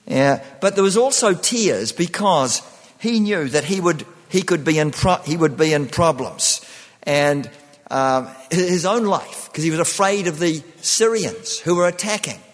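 A man's voice: a little high, a little slow, long reverb tail. A man preaching a sermon, often repeating himself and restarting phrases.

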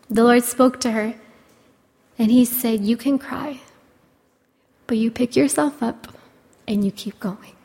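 Earnest woman preaching in a reverberant hall. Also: a little high. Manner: earnest, gentle, many "you know" fillers. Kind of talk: sermon.

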